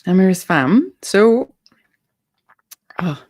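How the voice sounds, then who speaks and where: A woman speaks slowly with big pitch swings in a medium, slightly mellow voice, recorded dry. She hosts a playful, somewhat silly perfume livestream, giggling with viewers as she considers different scents.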